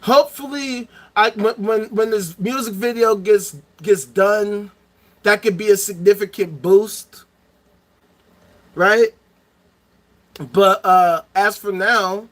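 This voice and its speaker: A man's voice: high voice, takes it slowly, long pauses, a bit bright. A man ranting angrily into the camera, profane and heated, hammering points home by repeating them. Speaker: vlogger. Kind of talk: angry ranting monologue.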